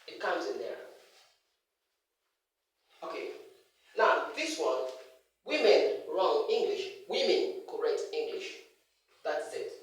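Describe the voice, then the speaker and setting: Man, pronunciation teacher, lively high voice, repeats words, echoey room, far from mic. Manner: repeats words for emphasis, animated. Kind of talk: classroom lecture.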